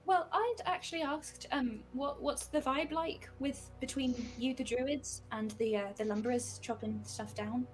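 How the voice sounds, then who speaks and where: High-voiced woman playing a tabletop game. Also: a little slow, hardly any pauses, faint music behind. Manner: casual, hesitant, lots of ums. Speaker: player. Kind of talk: in-character tabletop play.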